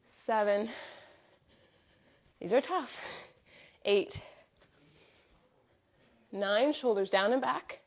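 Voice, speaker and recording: A young adult woman leading a live workout class, upbeat, counting reps and giving body cues, a little out of breath. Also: on the high side. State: slightly out of breath. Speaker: fitness instructor.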